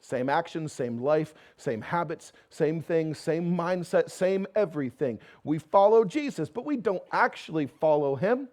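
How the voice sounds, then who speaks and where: A man preaching a sermon to his congregation with an American accent, swinging from loud emphatic calls to quiet, intimate passages and slipping in joking asides. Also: fairly high pitch, expressive, measured pace, few pauses. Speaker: pastor. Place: church sanctuary before a congregation.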